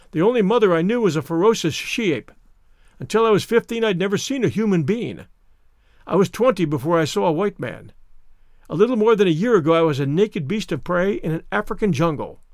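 A man voicing a jungle-raised hero who speaks in a low, measured, threatening tone. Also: dry recording, clean studio sound. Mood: confessing.

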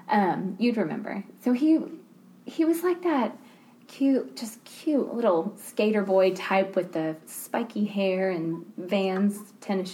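A woman who teaches kindergarten, chatting with colleagues on a casual podcast. She talks quickly and easily and laughs along with her own stories. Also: medium pitch, darkish tone, slight background noise. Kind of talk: casual chat, storytelling.

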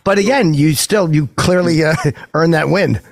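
A man's voice: a little high, normal speed, gravelly, no room sound, studio quality. Hesitant co-host, man. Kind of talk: casual interview chat.

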